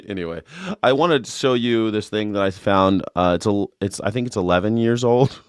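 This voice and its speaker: Rambling low-voiced male livestreamer. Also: brisk, darkish tone, no echo, clean studio sound. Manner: rambling, jokey, self-mocking. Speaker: news and culture commentator. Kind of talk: casual livestream commentary. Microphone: desk mic with monitors.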